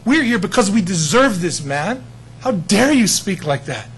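A preacher voicing a humble condemned thief. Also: male voice, high-pitched, very animated, unhurried, a bit bright, husky, exaggerated voice, poor audio. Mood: rebuking. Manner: earnest, pleading rebuke. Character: repentant male thief on a cross, humble.

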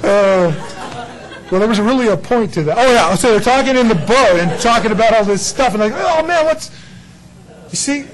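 A man's voice: sits high, a little fast, a crowd in the background, rough recording. A man preaching a casual, storytelling sermon who acts out quoted characters and laughs often.

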